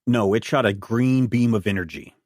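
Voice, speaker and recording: Low-voiced man running a tabletop game. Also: normal speed, darkish tone, dry recording, clean studio sound. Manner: rambling, many "uh"s and restarts while describing. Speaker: game master.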